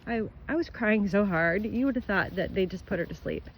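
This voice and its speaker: A woman's voice: mid-range voice, a little fast, slight background noise. A woman vlogger telling a story in a casual, rambling and emotional way, with many fillers and restarts. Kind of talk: casual chat.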